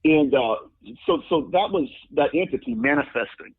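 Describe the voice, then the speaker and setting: Man, interview guest, animated storytelling, husky voice, tinny phone-like sound. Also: normal speed. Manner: acts out quoted people with jumps in pitch. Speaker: guest demonologist. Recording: phone-like lo-fi audio.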